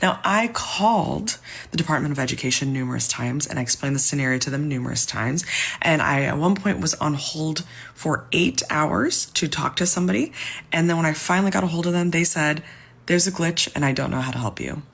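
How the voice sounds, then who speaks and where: A woman's voice: low-pitched, expressive, a little fast, gravelly, a bit bright, husky. A young woman telling her own story in a frustrated tone, explaining at length and sometimes dropping to a whisper. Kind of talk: personal testimony video.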